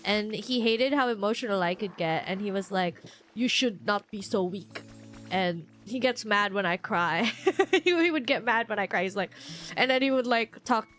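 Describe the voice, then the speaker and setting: A woman's voice: mid-range voice, fairly bright tone, soft background music. A young woman streamer chatting casually while gaming, rambling and openly emotional, with many fillers and restarts. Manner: openly emotional, quick to gush. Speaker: live streamer.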